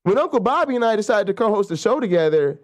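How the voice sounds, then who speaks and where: A man co-hosting a show, riffing in a loud, profane, excitable way. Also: fast talker. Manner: excitable, hyping, big pitch swings. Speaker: show co-host.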